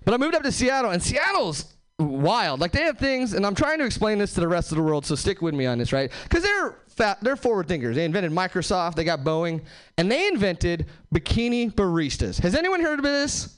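Male stand-up comic, club stage, high lively delivery, crisp voice. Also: brisk. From Southern California. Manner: animated, bouncing between voices and asides to the crowd. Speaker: stand-up comedian. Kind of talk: stand-up set.

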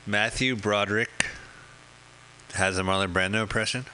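Male co-host, lowish bright voice, riffing comic. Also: steady tone, moderate pace, a little hiss or hum, poor audio. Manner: joking, does silly impressions. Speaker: podcast co-host. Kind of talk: comedic riffing over a movie.

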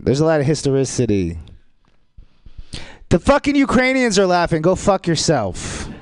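A man performing a rambling stand-up routine on a radio show, telling dark, crude jokes in an offhand way. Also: on the high side, clear, resonant tone, dry recording. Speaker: stand-up comedian.

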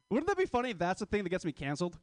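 A man's voice: sits high, no echo, studio quality. A man in his twenties doing a stand-up comedy set, crude, rambling and self-mocking. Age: 20s. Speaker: stand-up comic.

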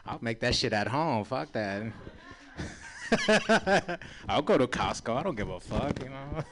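A man from San Francisco working through a stand-up set in a crude, self-deprecating way. His delivery is animated, and his pitch swings up and down a lot. He keeps laughing at his own jokes. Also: measured pace, a little hiss or hum. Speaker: stand-up comedian.

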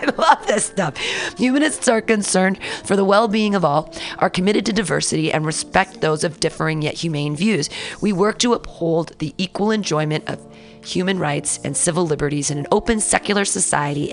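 A young adult woman, a comedian hosting a podcast, who reads texts aloud and breaks into sudden excited outbursts. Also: lowish voice. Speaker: podcast host and stand-up comedian. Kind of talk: casual podcast reading and commentary.

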